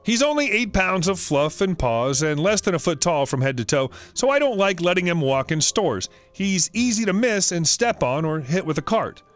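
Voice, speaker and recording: Lively high-voiced male story narrator. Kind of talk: scripted narration of online stories.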